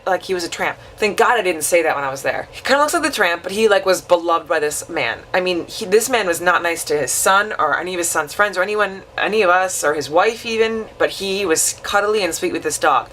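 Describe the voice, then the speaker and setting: A young woman from Wisconsin vlogging a comic story, rambling and self-mocking with quick asides. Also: fairly low pitch, fairly bright tone, a little hiss or hum.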